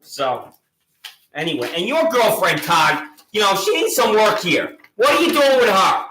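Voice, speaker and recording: A man's voice: high-pitched, very animated, unhurried, bright, forceful tone, reverberant, slight background noise, poor audio. A man delivering a mocking, badgering monologue at a sheriff, repeating taunting questions. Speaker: local gadfly taunting a sheriff. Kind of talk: ranting monologue addressed to a sheriff.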